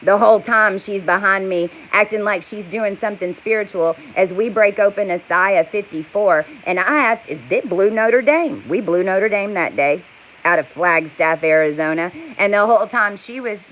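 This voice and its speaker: Woman vlogger, angry rambling rant, swearing freely, mid-pitched voice, faint hiss behind. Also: moderate pace, fairly bright tone, rough recording. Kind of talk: heated monologue to camera.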